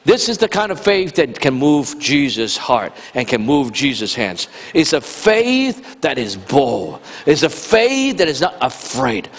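A man preaching a sermon, animated and conversational, rising to shouts for emphasis and talking directly to the congregation. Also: mid-range voice, unhurried, few pauses. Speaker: pastor. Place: church sanctuary. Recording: long reverb of a church hall.

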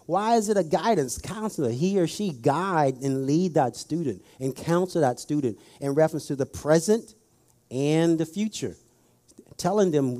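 In a slightly high, mellow voice, a middle-aged man gives a chatty sermon. He tells folksy stories and turns to ask his listeners questions head-on.

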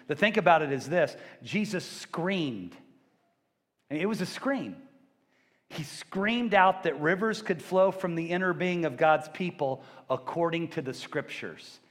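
A fairly high-voiced man delivers a sermon, lively and joking, now and then bursting into acted-out shouts. His voice rings with the long reverb of a big church hall. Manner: animated, joking, acts out loud screams and shouts. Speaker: pastor.

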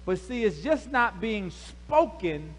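A male pastor preaching a lively sermon, calling out to the congregation with casual slang. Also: high-pitched, slow. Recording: echoey hall, faint hum.

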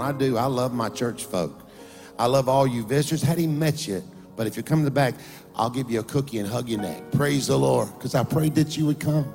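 A man's voice: medium pitch, darkish tone, big-room sound. A man pastor preaching a sermon in church, joking with the congregation, calling for responses, and rising into a sing-song preaching cadence. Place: church sanctuary before a congregation.

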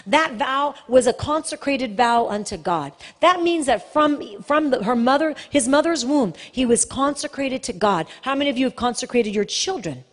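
A woman preaching a sermon with passion, pressing hard on key phrases and slowing for emphasis. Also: high-pitched, animated. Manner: passionate, shifts between fast and slow emphatic delivery. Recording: long hall reverb.

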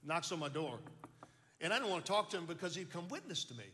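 An older man tells his testimony in a folksy, animated way, tripping over his own words as he goes. His voice sits a little high and sounds bright and forceful. Long reverb trails off each phrase, as from a large hall. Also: quick pace, slight background noise. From Baton Rouge, Louisiana. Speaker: speaker giving testimony. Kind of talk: storytelling testimony.

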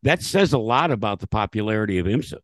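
A man hosts a motorsport interview, his voice sitting a little low. He asks polished, lively questions, and the recording sounds dry and close with no room echo. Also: quick pace. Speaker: interview host. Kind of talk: broadcast interview.

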